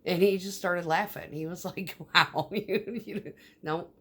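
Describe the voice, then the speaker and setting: A woman's voice: on the low side, unhurried, breathy edge. A woman vlogger telling stories in a casual, rambling monologue, swearing often, with many fillers and restarts. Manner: profane, storytelling, frequent fillers and restarts.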